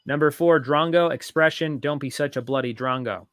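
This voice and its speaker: A man hosting a live trivia show, reading each question slowly and repeating it, with joking asides between. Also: a little high, a bit bright, no echo, studio quality. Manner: reads each question slowly twice, jokes and rambles between. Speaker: trivia host.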